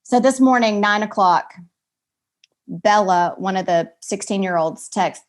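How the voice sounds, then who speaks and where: A woman in her forties, a podcast guest chatting casually and acting out family conversations with lively energy. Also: mid-range voice, a little slow. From American South. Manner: animated storyteller, acts out family dialogue loudly. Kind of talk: casual chat.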